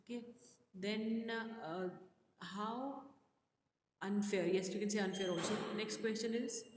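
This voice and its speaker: A woman's voice: mid-range voice, fairly even intonation, a little slow. A woman teaching a class, asking questions and repeating them to her students. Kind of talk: classroom lesson on a play excerpt. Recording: echoey room with long reverb and faint noise.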